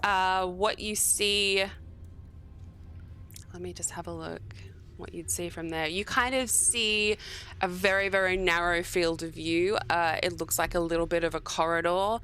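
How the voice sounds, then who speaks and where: Lady dm describing a dungeon, bright tone, lots of ums, slight noise. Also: fairly low pitch, fairly even intonation. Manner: descriptive, unhurried, with filler pauses. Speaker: game master. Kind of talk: narrating a tabletop game.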